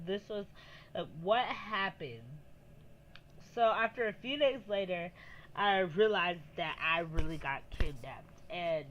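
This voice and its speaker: A woman's voice: on the low side, a bit bright, a little hiss or hum, poor audio. A woman telling a storytime vlog, rambling and filling her speech with "like". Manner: rambling, heavy use of "like" fillers. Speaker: vlogger.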